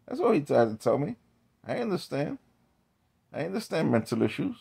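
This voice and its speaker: A man's voice: a little high, sing-song, moderate pace, gravelly, pauses often, dark tone, slightly rough. A man vlogging in a rambling casual monologue, drifting into tangents and restarting his sentences.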